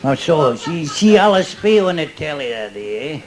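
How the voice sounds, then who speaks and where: A man's voice: on the high side, sing-song, normal speed, low-quality recording. An older Scottish man doing a stand-up routine before a live audience, chatty and cheeky, laughing at his own jokes. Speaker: stand-up comedian.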